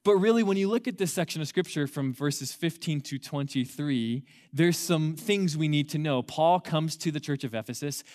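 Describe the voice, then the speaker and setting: A man's voice: on the high side, lively intonation, moderate pace, few pauses, a little mellow. A man in his thirties preaching a sermon as a youth pastor, conversational at first and then emphatic, repeating key words for force. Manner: conversational storytelling opener.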